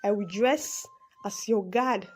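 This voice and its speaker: A woman voicing a calm, self-assured young prince. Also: medium pitch, slow pace, husky, pitched below the performer's own voice. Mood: mischievous.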